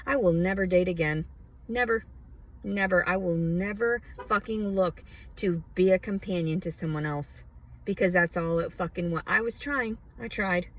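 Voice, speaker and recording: Woman from arkansas ranting into her phone outside, heated and sweary, bright sharp voice. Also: medium pitch, moderate pace. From Arkansas, USA. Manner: heated, profane, rambling. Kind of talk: angry rant vlog. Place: outdoors outside a department store.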